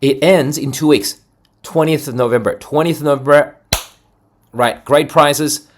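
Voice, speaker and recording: A man hosting a crypto trading video, talking casually and energetically over charts with a salesy pitch. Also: unhurried, slight background noise. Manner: energetic, salesy, lots of "right?" and "boom".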